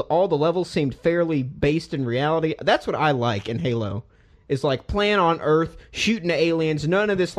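A young man riffing about video games with a lively voice that jumps up and down in pitch. He swears freely and laughs easily. His voice sits a little high for a man. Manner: animated, profane, laughs often. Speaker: podcast host. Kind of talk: casual gaming chat.

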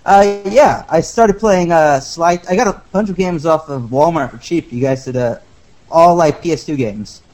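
A male caller on a podcast whose voice sits a bit high. He talks in a chatty, rambling way and keeps piling on complaints. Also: moderate pace, a little mellow, low-quality recording. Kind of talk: call-in chat.

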